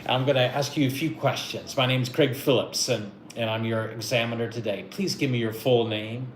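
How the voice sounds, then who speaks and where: A man's voice: mid-range voice, fairly even intonation, moderate pace. Male mock visa officer, encouraging, echoey room, faint hiss. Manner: encouraging, repeats words often. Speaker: mock visa interviewer and consultant. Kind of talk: mock interview and coaching.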